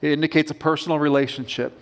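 A man's voice: a little high, level tone, very fast. A man preaching a sermon as pastor, earnest and emphatic, with rising bursts of conviction.

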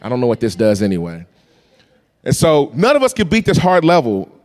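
A man preaching a storytelling sermon, animated and acting out voices and sounds. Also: medium pitch, fairly quick. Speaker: pastor.

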